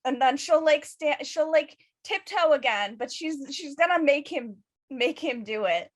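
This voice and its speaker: A woman narrating her character's actions in a tabletop role-play, animated and laughing. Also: sits high, measured pace. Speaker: player.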